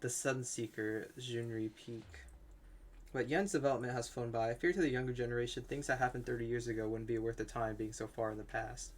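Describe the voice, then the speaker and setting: A man voicing a boatman who calmly recounts old legends, read from a game. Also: mid-range voice, fairly quick, close to an everyday voice. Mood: wistful.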